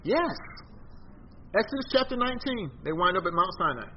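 A man's voice: sits high, sing-song, a little fast. A man teaching an informal Bible class, talking conversationally and emphatically and putting questions to the group. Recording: dull lo-fi recording with faint noise.

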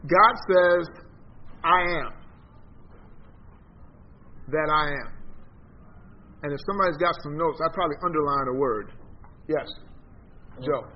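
A man leading an informal Bible study, animated and emphatic, often repeating words as he teaches. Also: a little slow, pauses often. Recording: dull low-fi sound with faint noise.

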